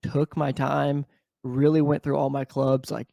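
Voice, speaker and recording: A man's voice: medium pitch, a little slow, creaky, no echo. A man co-hosting a podcast in casual chat, telling stories with lots of swearing and acting out the people in them. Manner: profane, animated storyteller, mimics people. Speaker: podcast co-host.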